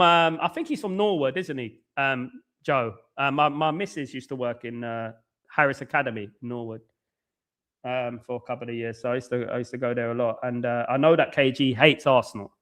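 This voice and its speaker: A man's voice: fairly high pitch, fairly bright tone. A young man with a London accent, hosting a casual live stream and chatting with viewers in a rambling, teasing way. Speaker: host.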